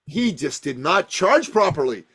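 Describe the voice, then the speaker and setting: A high-voiced man talks business as a podcast guest, punching his points with repeated words. His delivery is lively and emphatic, and his voice stays high and light throughout. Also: unhurried, breathy edge. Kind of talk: energetic storytelling advice.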